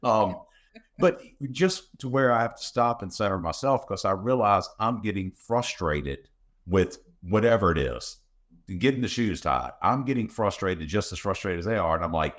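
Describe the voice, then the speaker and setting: Very deep-voiced man telling parenting stories. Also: lively intonation, moderate pace. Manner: anecdotal, acts out his family's voices in quotes. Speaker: podcast co-host and father. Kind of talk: casual podcast conversation.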